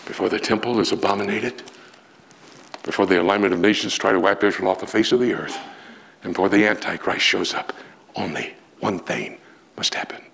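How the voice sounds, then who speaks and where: A male preacher delivering a storytelling sermon in a dramatic, animated way with emphatic pauses. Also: medium pitch, creaky, husky.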